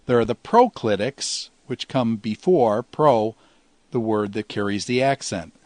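A man teaching a Greek grammar lesson in a measured, explanatory way, slowing down to pronounce each Greek word. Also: lowish voice, darkish tone, no room sound.

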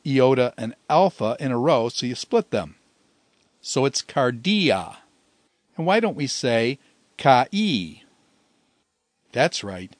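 A man teaching a recorded language lesson, patiently slowing down to sound out example words syllable by syllable. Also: mid-range voice, dry recording.

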